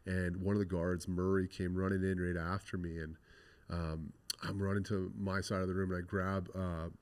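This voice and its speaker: A man's voice: low-pitched, little pitch movement, moderate pace. A man being interviewed, telling his own story in a frank, blunt way. He swears freely and retells scenes by quoting what people said. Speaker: interview guest. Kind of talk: candid conversational storytelling.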